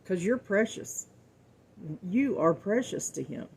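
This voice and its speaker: A middle-aged woman hosting a home cooking show talks earnestly and folksily to her viewers about faith, repeating words for emphasis. Her mid-range voice is very animated with vocal fry, and she takes it slowly. The background is noisy.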